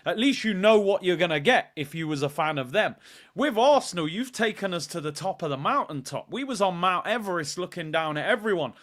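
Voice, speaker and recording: Animated man chatting to fans. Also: brisk. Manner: animated, rambling, playful, bursts into high shouts. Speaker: football watchalong host. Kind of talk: casual live-stream chat.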